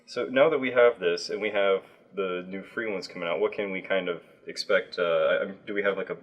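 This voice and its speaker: A man's voice: low voice, a little fast, muffled recording. A man hosting a livestream, chatting casually with a guest, with plenty of fillers and restarts. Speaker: livestream host.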